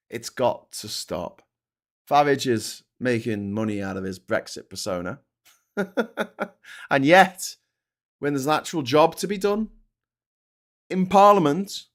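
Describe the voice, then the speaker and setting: A middle-aged man with a Liverpool accent hosting a show, ranting sarcastically about politics, swearing and restarting his sentences. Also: mid-range voice. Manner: sarcastic, swears freely, mocks people in put-on voices; stammering restarts. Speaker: show host.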